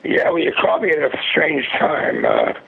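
Gravelly, raspy man on a muffled phone line. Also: a little high, huge pitch swings, moderate pace. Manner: profane, sardonic, laughs often. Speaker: phone-in guest. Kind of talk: casual phone interview. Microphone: phone headset.

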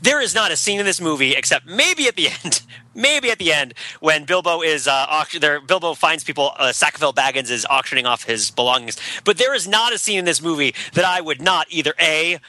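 A man chatting casually about a movie, excitable and laughing, breaking into mock heavy-metal narration. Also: a little high, fairly quick, dry recording. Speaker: podcast panelist. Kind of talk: casual movie review chat.

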